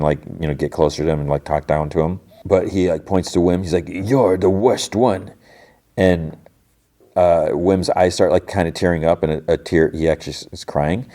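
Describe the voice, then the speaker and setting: A man's voice: low voice, dark tone. A man hosting a podcast, casually recapping a TV episode and quoting the characters. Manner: retells scenes with quoted voices, many fillers like "like". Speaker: podcast host.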